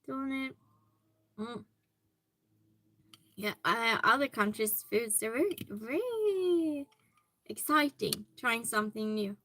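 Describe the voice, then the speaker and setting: Stream host, woman, fairly high bright voice, friendly chat with viewers from her hobby room. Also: expressive, takes it slowly, pauses often, rough recording. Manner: chatty, greets viewers by name. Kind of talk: casual chat reading viewer comments.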